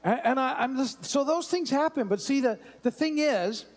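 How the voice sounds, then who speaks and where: Man, high voice, pastor, conversational sermon, lots of restarts. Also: animated, normal speed. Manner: conversational, many restarts and asides. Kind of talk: sermon storytelling.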